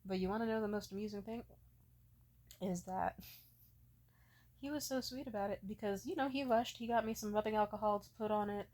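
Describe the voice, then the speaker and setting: A young woman vlogger telling a casual, profane story with animated energy. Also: medium pitch, a little fast, long pauses.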